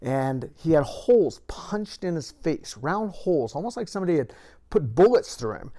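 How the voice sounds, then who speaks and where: An older man, a retired police officer, tells a story from his career to the camera and builds lively moments into it. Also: a little high, moderate pace.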